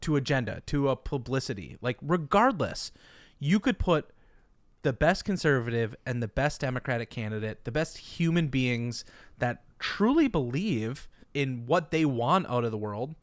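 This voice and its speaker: A man's voice: mid-range voice, sing-song, normal speed, no echo. A man co-hosting a casual comedic podcast, telling stories with animation and stammering restarts. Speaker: podcast co-host.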